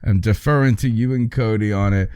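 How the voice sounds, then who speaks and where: A man hosting a sports call-in podcast, excitable and exclamatory as he reacts and takes callers. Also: on the low side, brisk, clear, resonant tone, no echo, highs cut off. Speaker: podcast host. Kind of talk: lively sports podcast chat.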